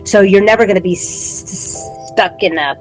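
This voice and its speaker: A woman's voice: medium pitch, moderate pace, soft background music, poor audio. A woman co-hosting a podcast, talking through spiritual ideas in a reflective, word-searching way. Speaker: podcast co-host. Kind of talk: casual spiritual conversation.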